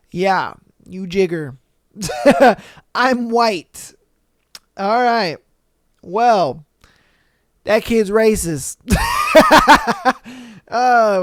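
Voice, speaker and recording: A man's voice: extremely high pitch, no room sound, clean studio sound. A man hosting a casual podcast, reading listener posts aloud and reacting with profane slang and laughter. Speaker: podcast host.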